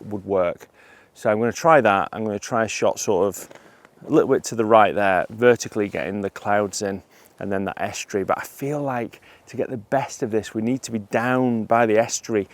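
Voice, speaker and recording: A middle-aged man, a landscape photographer, talking through his shots outdoors on a hillside, with excited, breathless bursts of wonder. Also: fairly low pitch, normal speed. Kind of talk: outdoor vlog narration.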